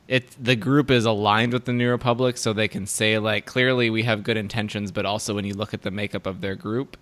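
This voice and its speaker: A man's voice: fairly low pitch, steady tone, fairly quick, fairly bright tone, dry recording. A man in casual podcast chat, rambling and hedging as he thinks aloud. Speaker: podcast guest.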